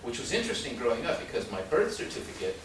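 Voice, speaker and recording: Speaking quickly, this lively author, Mexican-born and San Diego-raised, laughs his way through a storytelling talk with abrupt jumps up in pitch and loudness. It's recorded in a library event room with heavy echo, a far-off mic, and plenty of noise.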